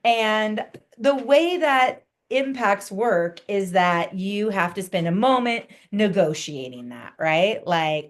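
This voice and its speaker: Woman, astrologer guest; casual, conversational podcast read, animated asides. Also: mid-range voice, slow pace. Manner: chatty, acts out quoted reactions.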